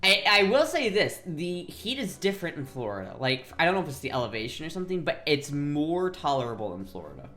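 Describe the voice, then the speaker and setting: A man's voice: a little high, big pitch swings, fairly quick, hardly any pauses, bright, forceful tone. A man co-hosting a casual podcast from his home, rambling, swearing freely and laughing often. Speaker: podcast co-host. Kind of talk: casual chat over a call. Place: home in Florida.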